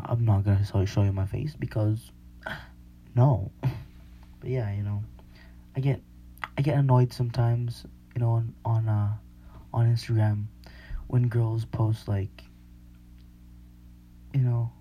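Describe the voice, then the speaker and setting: A man's voice: medium pitch, fairly even intonation, measured pace, pauses often, mellow, slight background noise. A young man hosting a podcast in casual chat, slangy and rambling, often laughing. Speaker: podcast host.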